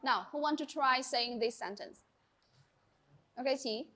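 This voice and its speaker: Teacher, woman, high crisp voice, clear and encouraging. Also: measured pace, a bit bright. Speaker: English teacher. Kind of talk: classroom teaching. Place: classroom.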